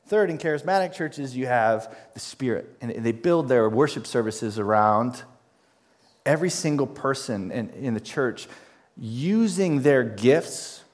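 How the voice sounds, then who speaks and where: Man preaching an emphatic sermon. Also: mid-range voice. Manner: emphatic preaching with repetitions and rising questions. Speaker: pastor.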